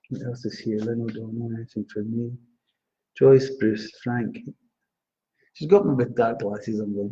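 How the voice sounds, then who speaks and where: A man's voice: fairly even intonation, unhurried, warm tone. A man giving psychic readings to viewers on a live stream, chatty and reassuring, laughing often. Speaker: psychic astrologer. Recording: dull low-fidelity live stream.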